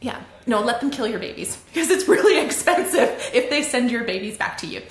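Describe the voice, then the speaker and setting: A woman's voice: fairly high pitch, fairly quick. Chatty Canadian woman in an echoey room. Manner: chatty and animated, laughs often. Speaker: livestream host. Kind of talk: casual livestream teaching.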